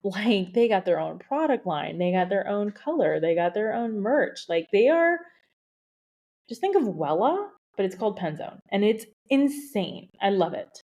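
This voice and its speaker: A woman hosting her own podcast, talking alone to her listeners in an excited, gushing way with lots of fillers, a bit out of breath. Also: medium pitch, measured pace. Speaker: podcast host, beauty industry coach. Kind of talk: solo podcast monologue. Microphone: podcast microphone.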